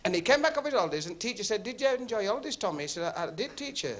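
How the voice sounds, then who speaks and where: Chatty club comedian. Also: male voice, high voice, very animated, rapid-fire, a bit bright. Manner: chatty, teasing the audience, laughing at his own jokes. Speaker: stand-up comedian. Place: working men's club stage on TV. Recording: noisy 1970s TV recording, laughing club crowd.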